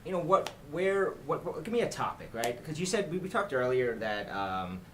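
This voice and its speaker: A man's voice: fairly high pitch, big pitch swings, normal speed, a bit bright, a little hiss or hum, rough recording. A man hosting a casual dating-advice chat, rambling, restarting, and asking his guest questions. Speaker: dating coach host.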